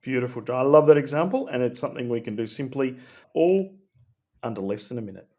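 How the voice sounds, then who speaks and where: A man co-hosting a podcast, speaking earnestly with frequent pauses and restarts. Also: mid-range voice, lively intonation, dark tone. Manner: hesitant, many fillers and restarts, earnest. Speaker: podcast co-host. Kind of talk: casual podcast chat.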